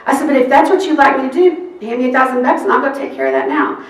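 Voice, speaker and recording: A woman tells a work story to a seminar crowd, her voice set a little high and slipping into the other people's lines as she goes. She sounds a way off from the mic, and the room adds a roomy echo. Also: fast talker, distant mic. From Texas. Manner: animated storyteller acting out quoted exchanges. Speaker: court reporter. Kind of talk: anecdote told to an audience.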